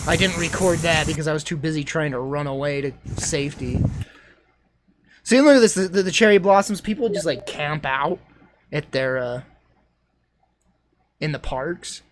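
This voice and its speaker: Man, higher-pitched voice, rambling casual commentary, self-deprecating, noisy recording. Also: normal speed, pauses often. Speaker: streamer. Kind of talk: casual commentary over old travel videos.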